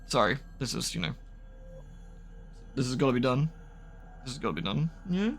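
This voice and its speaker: A man's voice: medium pitch, lively intonation, normal speed, vocal fry, pauses often, fairly bright tone, faint music behind. A man giving casual, rambling commentary while gaming, often cooing baby-talk to his cat. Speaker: gaming streamer. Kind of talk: casual let's-play commentary.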